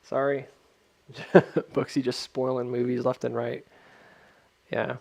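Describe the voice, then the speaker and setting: A man's voice: medium pitch, completely flat delivery, takes it slowly, vocal fry, darkish tone. A man hosting a livestream in casual chat, rambling and full of fillers. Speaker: livestream host.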